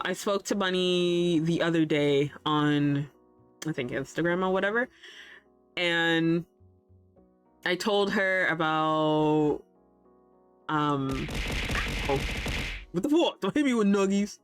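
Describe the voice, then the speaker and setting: Laughing, swearing woman streamer, lowish voice. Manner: laughs often, swears casually, rambling. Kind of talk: casual live-stream chat.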